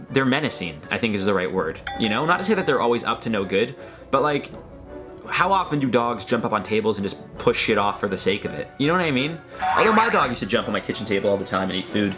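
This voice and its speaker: A man hosting a reaction video, talking in a rambling, hesitant, joking way. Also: lowish voice. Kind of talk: casual commentary.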